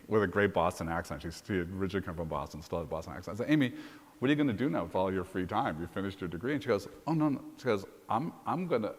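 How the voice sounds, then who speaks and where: A man, a university president, telling brisk anecdotes in a conference fireside chat on stage. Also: low voice. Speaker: university president being interviewed. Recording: long reverb of a conference hall.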